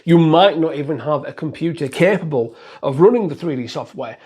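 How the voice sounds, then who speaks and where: A man's voice: a little high, expressive, a little fast, darkish tone, husky. A man chatting casually to camera about his hobby, rambling and self-deprecating. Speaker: model railway YouTuber.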